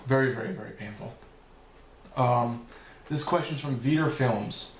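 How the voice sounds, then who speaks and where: A man's voice: medium pitch, measured pace, reverberant, slight background noise. A man answering viewer questions in a loose, rambling vlog, swearing now and then. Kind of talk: casual Q&A vlog.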